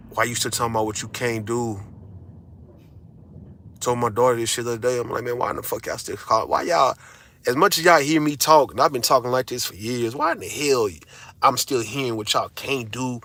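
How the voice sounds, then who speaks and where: A man's voice: medium pitch, fairly bright tone. A father ranting to his audience in a casual monologue, blunt and profane, hammering his points with repeated phrases.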